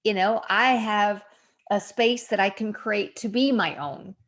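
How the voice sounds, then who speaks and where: A woman's voice: mid-range voice, steady tone, measured pace, a bit bright. A woman, grandmother of young boys, in her fifties, speaking candidly in a casual devotional vlog from a room under remodel. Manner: reflective, candid, laughs at herself. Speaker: faith vlogger.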